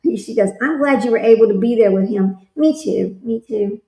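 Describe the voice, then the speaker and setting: A woman's voice: a little high, lively intonation, moderate pace, vocal fry, dark tone. Chatty woman in an echoey room. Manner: rambling, chatty, reads chat comments aloud. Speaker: livestream host commenting on a trial. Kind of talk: casual chat with live chat readers.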